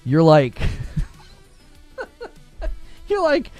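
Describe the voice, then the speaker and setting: A man hosting a casual gaming livestream, animated and laughing often as he reads and answers chat. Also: a little high, unhurried, dry recording, soft background music.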